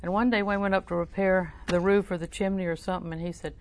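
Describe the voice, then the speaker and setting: An older woman preaching in a low, gravelly voice with plenty of fry. She tells stories in a conversational way, often softening almost to a whisper. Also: steady tone, fast talker. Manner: conversational, soft-spoken, drops to near whisper. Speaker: Christian teacher. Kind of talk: personal storytelling sermon.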